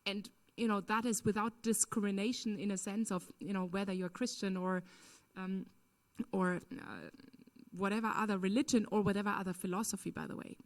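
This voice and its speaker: A woman's voice: medium pitch, steady tone, fairly quick. A woman speaking at a conference, answering a question in an earnest, emphatic way with frequent "um" and "you know". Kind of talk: lecture Q&A answer.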